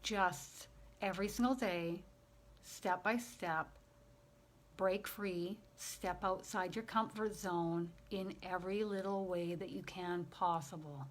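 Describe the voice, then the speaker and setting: A woman working as a spiritual medium, passing on messages in a gentle, emotional way during a channeling session. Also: fairly low pitch, steady tone, takes it slowly, a little hiss or hum.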